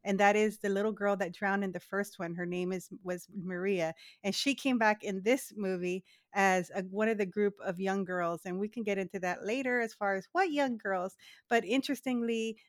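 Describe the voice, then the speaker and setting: A woman's voice: mid-range voice, steady tone, normal speed, no echo, studio quality. Playful joking woman podcast co-host. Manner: playful, joking, self-interrupting. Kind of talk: casual chat.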